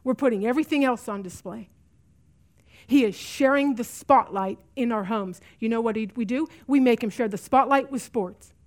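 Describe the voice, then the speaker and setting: Middle-aged woman teacher, slightly high voice, earnest, repeats key lines for emphasis. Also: normal speed, darkish tone. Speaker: women's Bible study teacher. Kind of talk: teaching talk to a women's group.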